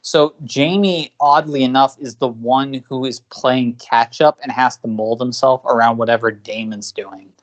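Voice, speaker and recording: A man's voice: medium pitch, steady tone, unhurried, few pauses. A man co-hosting a podcast in casual discussion, talking at length with many fillers and restarts. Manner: rambling, filler-heavy, frequent restarts. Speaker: podcast co-host.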